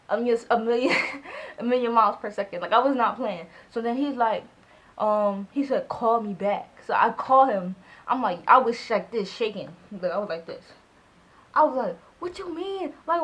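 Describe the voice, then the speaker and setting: A woman in her twenties telling a storytime vlog in a casual, animated way, acting out both sides of conversations and filling her speech with "like". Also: fairly high pitch, low-quality recording. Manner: heavy use of "like" as filler. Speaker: vlogger.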